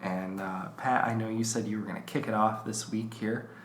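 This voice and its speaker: A man's voice: fairly low pitch, fairly even intonation, moderate pace, echoey room, slight background noise. Nasal, congested male podcast host. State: congested from allergies. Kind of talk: casual podcast chat.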